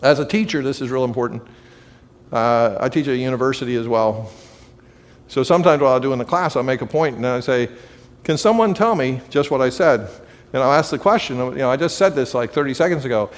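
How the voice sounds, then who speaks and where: A man's voice: medium pitch, quick pace, long reverb tail. A man teaching a class on communication, talking conversationally and telling everyday anecdotes. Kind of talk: lecture to a live audience.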